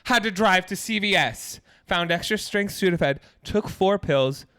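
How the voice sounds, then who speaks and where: A man's voice: high-pitched, measured pace, bright, forceful tone, clean tone. A man co-hosting a podcast, telling a story dramatically and acting out every quote. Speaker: podcast co-host. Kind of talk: casual storytelling chat.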